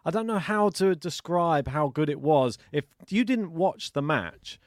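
A man co-hosting a podcast, chatting casually about tennis, animated and laughing often. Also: fairly high pitch, measured pace, no room sound, studio quality. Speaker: podcast co-host.

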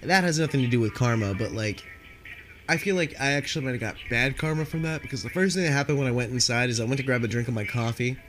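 A man's voice: medium pitch, quick pace, background noise. Sniffly, laid-back storytelling man. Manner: rambling, laid-back, heavy swearing and fillers. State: sniffly from allergies. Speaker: night-shift store clerk telling work stories. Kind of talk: casual storytelling.

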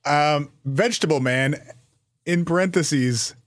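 A man's voice: a little high, measured pace, slight background noise. A man co-hosting a podcast, reading out facts casually and laughing often. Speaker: podcast co-host. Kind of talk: casual chat.

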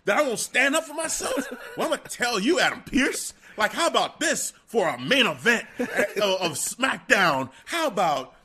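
A man imitating a boastful wrestling manager, talking fast and wide-eyed. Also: sits high, big pitch swings, pushed and bright, slightly rough, pitched above the performer's own voice, heavily acted. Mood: indignant boasting. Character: brash, boastful older male wrestling manager.

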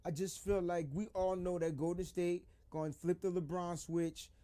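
A man co-hosting a live sports podcast, arguing in an animated, casual way and reading the chat aloud. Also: sits high, normal speed. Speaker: podcast co-host.

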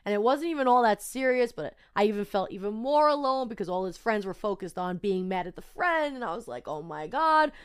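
A young woman speaking to her podcast listeners in a medium-pitched voice. She tells a personal story in a loose, emotional and rambling way, with lots of "like" and "you know". The sound is dry, with little room echo. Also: lively intonation, a little fast, hardly any pauses, clean tone. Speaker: podcast host.

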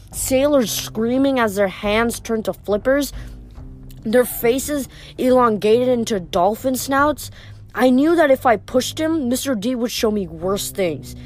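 A woman reading a novel aloud in a casual, slightly stumbling way. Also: mid-range voice. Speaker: reader.

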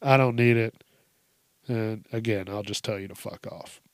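A man's voice: lowish voice, fairly even intonation, moderate pace, no room sound. A young man giving casual commentary on reader stories, swearing freely and laughing as he vents in mock outrage. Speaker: story commentator.

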